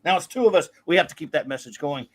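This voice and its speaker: A man's voice: fairly high pitch, lively intonation, quick pace. A man co-hosting a live stream, joking around and welcoming viewers by name in casual chat. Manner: jokey, greets viewers by name. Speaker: co-host of a live streamed show.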